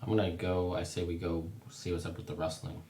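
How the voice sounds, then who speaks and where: A man playing a tabletop game, talking through his character's moves in a relaxed, laid-back way. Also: low-pitched, a little fast, roomy sound. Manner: laid-back, describing actions step by step. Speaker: player. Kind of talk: casual tabletop play.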